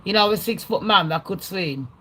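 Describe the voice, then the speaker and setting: A woman hosting a livestream, ranting casually to her chat in an excitable, rambling way, swearing a lot. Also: mid-range voice, normal speed, slight background noise, rough recording. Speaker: livestream host. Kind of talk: casual rant to a live chat.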